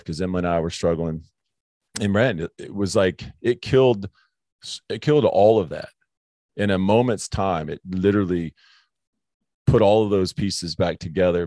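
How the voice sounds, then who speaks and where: Low-voiced guy hosting a chill faith podcast, earnest, keeps saying bro, dead dry room. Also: a little mellow, no room sound. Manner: earnest storytelling, says bro. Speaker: podcast host. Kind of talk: casual faith conversation.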